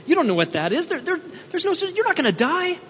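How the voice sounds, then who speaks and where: A man's voice: very high voice, big pitch swings, fast, fairly bright tone, slight background noise, pitched above the performer's own voice, exaggerated voice. A man voicing a sly, tempting serpent in a breezy, mocking, coaxing way. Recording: dull sound in a reverberant hall.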